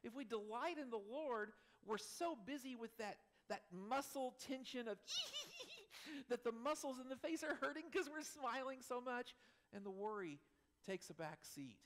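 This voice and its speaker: A middle-aged man preaching a sermon as pastor, animated, swinging between loud emphasis and soft asides with chuckles. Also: very high voice, normal speed, a little hiss or hum.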